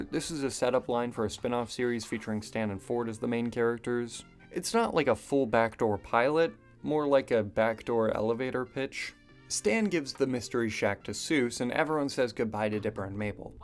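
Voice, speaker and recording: A man in his twenties narrating a casual video review with wry, chatty asides. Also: mid-range voice. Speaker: YouTube reviewer.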